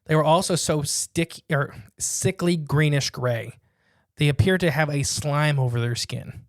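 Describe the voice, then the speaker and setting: A man co-hosting a casual podcast, reading a listener's written story aloud and breaking in with quick jokes and asides. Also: a little high, no room sound, clean studio sound.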